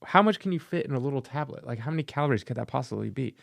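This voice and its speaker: A man's voice: medium pitch, animated, very fast, creaky, dry recording, studio quality. A man giving casual, sarcastic commentary on vintage comic book ads, laughing at what he reads. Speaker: comic book collector and YouTuber.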